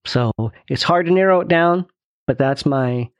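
Man, casual voice message, conversational, a little high, dry recording. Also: normal speed, clear, resonant tone, dry recording. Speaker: podcast guest caller.

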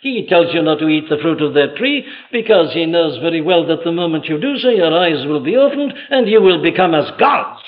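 A man's voice: fairly high pitch, very animated, a little fast, few pauses. A man voicing a sly male devil who coaxes and then insistently urges rebellion, heard on a dull, lo-fi old sermon tape. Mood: coaxing. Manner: coaxing, rising to insistent.

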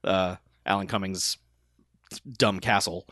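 A man's voice: sits low, fairly even intonation, sharp tone, no echo, studio quality. A man casually recapping a film on a podcast, laughing often and acting out bits of dialogue. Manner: laughs often, acts out film lines in quick voices. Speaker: podcast co-host. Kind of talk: casual movie recap chat.

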